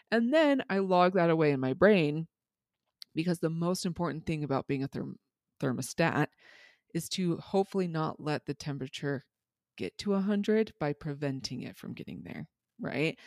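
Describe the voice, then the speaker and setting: A man with a higher voice and lively intonation co-hosts a relaxed parenting podcast, speaking at normal speed with a slightly mellow tone. He thinks things through reflectively, using everyday examples and asides, in a dry, studio-quality recording.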